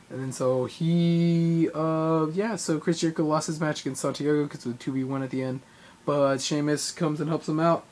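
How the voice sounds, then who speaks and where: A young man talks through a live event he went to in a loose, rambling way. He gets excitable, stacks up fillers and slips into acted-out quotes as he goes. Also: on the high side. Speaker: vlogger. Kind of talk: casual recap of a live event.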